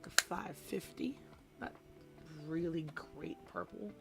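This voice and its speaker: A young woman talks through a craft session at an unhurried pace, drifting between hobby chatter and animated stories about teaching small children. She puts on playful voices when she retells what someone said. Soft music plays quietly behind her. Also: fairly low pitch, creaky. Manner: animated storytelling, mimics voices, chatty asides. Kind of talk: casual chat while crafting.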